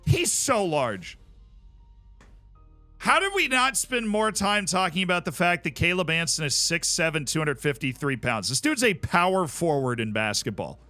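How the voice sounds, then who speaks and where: Dry joking guy streaming a game, bright voice, talking to chat. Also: on the high side, big pitch swings, moderate pace, hardly any pauses, no room sound, soft background music. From Tampa, Florida. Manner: wry, chatty, talks to chat. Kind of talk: casual game commentary.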